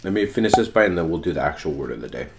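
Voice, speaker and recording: A woman's voice: a bass voice, lively intonation, racing, background noise. A woman eating on camera with her child, chatting casually and coaxing between bites. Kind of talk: casual eating vlog chat.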